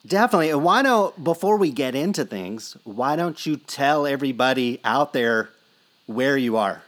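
A man's voice: mid-range voice, lively intonation, moderate pace, fairly bright tone. A man hosting a sports card podcast in a casual, rambling conversational way. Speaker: podcast host.

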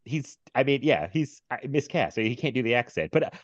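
A man hosting a casual movie podcast, telling stories with laughter and animated bursts. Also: medium pitch, brisk, no echo. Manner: animated storyteller, laughs often. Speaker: podcast host. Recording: dry, slightly dull sound.

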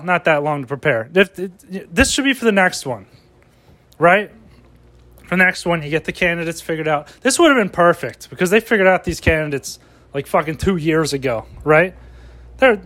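A man ranting as a comedian, excitable and profane as he riffs. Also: a little high.

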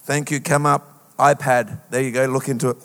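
A man preaching a lively sermon as a pastor, with a sing-song rhetorical delivery. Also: medium pitch, moderate pace, gravelly. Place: church auditorium. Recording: long hall reverb.

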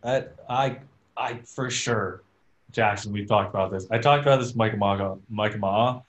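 A man in casual chat as a podcast co-host, telling animated, joking stories about playing volleyball. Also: fairly low pitch, normal speed. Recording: roomy echo.

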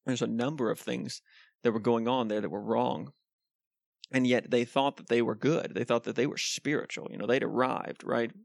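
A man's voice: medium pitch, creaky, dry recording. A man preaching a sermon in an earnest, conversational way, with frequent ums and asides.

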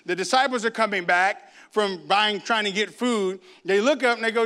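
Male preacher, animated storyteller, high and clear delivery. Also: fast, few pauses. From grew up in a Baptist church. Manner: animated storytelling, acts out voices. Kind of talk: sermon.

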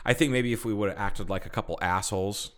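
A man's voice: fairly low pitch, fast talker, a bit bright. A man co-hosting a podcast, telling a road trip story in casual chat, swearing freely and acting out quoted people. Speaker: podcast co-host.

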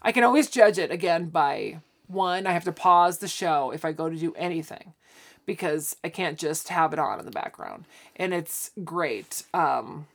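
A woman's voice: sits low, moderate pace, gravelly. A woman co-hosting a podcast, chatting casually and acting out characters' lines as she retells a sitcom plot. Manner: animated, acts out characters' lines while retelling. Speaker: podcast co-host. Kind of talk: casual chat recapping a sitcom.

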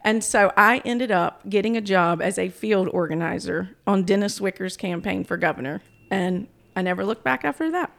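A woman's voice: mid-range voice, moderate pace, creaky, hardly any pauses. A woman in her forties with a North Carolina country accent, a political consultant telling stories in a casual interview. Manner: chatty, storytelling, animated asides.

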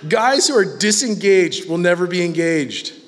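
A man's voice: high-pitched, expressive, normal speed, fairly bright tone, long reverb tail, slight background noise. A man in his thirties preaching in a humorous, self-mocking, conversational way. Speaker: pastor. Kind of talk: sermon.

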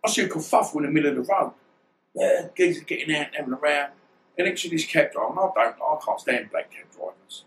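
A man's voice: a little high, quick pace, poor audio. Bloke in his 50s rambling thru stories, does all the voices, faint hiss behind. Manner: rambling, animated, acts out dialogue, swears. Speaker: guest, former boxer. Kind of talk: storytelling interview.

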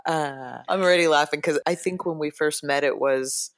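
A woman hair designer telling a workplace story in an animated way, acting out quoted lines with laughter. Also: sits low, moderate pace. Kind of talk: casual anecdote.

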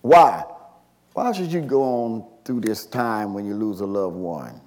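A man, preaching a sermon, swinging from quiet storytelling to shouted call-and-response. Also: lowish voice, animated, measured pace. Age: 60s.

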